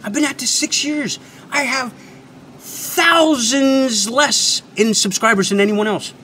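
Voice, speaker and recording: A man's voice: extremely high pitch, takes it slowly, pushed and bright, a little hiss or hum. A man hosting his own channel, lecturing his viewers in an unscripted rant. He is emphatic and repeats himself, and he swears freely. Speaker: channel host and product reviewer. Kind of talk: unscripted ranting monologue.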